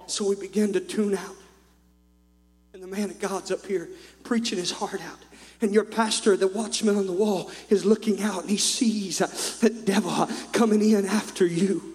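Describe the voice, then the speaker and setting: A man preaching a sermon in a church, impassioned and often rising into shouts. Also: high voice, steady tone, moderate pace. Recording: echoey hall with mains hum.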